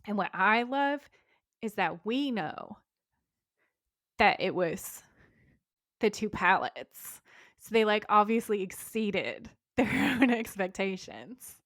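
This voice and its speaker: A woman's voice: medium pitch, very animated, takes it slowly, pauses often, dry recording. Chatty woman podcast co-host, dry sound. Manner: warm, chatty and enthusiastic. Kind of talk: casual chat and reading aloud.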